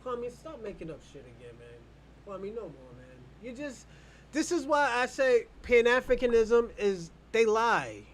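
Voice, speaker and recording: A man's voice: very high voice, big pitch swings, unhurried, slight background noise. An American man hosting an online show, arguing bluntly and profanely in a heated live debate. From United States.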